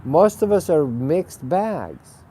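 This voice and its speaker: A man's voice: on the high side, sing-song, takes it slowly, warm tone, breathy edge. Blunt, profane man musing aloud. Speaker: spiritual webcast host. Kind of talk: casual spoken monologue.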